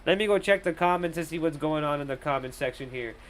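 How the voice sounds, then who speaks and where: Young man, live-stream movie reviewer, smooth clear voice, slightly high, rambling and profane. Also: fast talker. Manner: rambling, crude, laughs at his own jokes.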